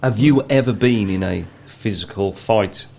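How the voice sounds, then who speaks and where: A British man on a podcast asking his co-hosts questions in casual chat, slow and probing, restarting his sentences. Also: fairly low pitch, creaky, a little mellow. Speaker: podcast co-host.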